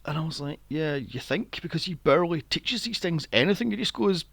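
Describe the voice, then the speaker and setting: Brief: male podcast co-host, gravelly and lively, dry close sound, exasperated sweary movie rants. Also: a little high, fast talker, no echo. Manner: sweary, exasperated ranting with mocking impressions. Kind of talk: casual movie review chat.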